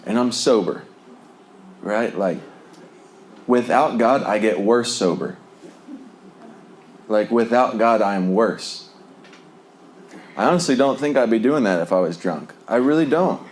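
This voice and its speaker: A man's voice: on the low side, lively intonation, moderate pace, long pauses, a little mellow, a little hiss or hum. A man sharing a personal recovery testimony in a conversational, rambling way, full of fillers and small laughs. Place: Lubbock, Texas.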